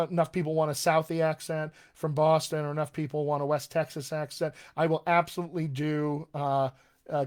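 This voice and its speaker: A man working as a dialect coach, talking casually on a live-streamed Q&A, chatty with many fillers and restarts. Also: fairly high pitch.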